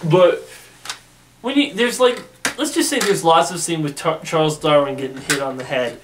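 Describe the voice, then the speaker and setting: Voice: medium pitch, normal speed. Rambling reviewer on a distant mic. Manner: rambling, frequent restarts and "you know". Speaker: film reviewer. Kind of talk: casual spoken movie review. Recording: distant mic with faint hiss.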